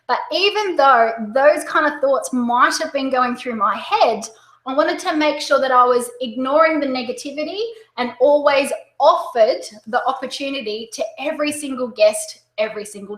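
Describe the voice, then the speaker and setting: An Australian woman presenting a sales-coaching webinar, upbeat and excitable, talking fast. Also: sits high, reverberant, rough recording.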